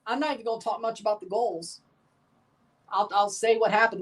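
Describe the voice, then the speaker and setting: A woman streaming a sports watchalong, ranting with profanity and sarcasm and bursting into shouts. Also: medium pitch, steady tone, a little fast, pauses often. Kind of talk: live sports reaction rant.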